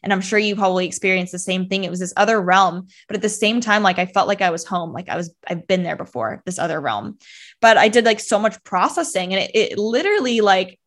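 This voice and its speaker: Chatty young woman, lots of "like". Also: medium pitch. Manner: fast, filler-heavy talk with many "like"s, acting out her own past thoughts. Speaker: podcast guest. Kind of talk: casual storytelling interview.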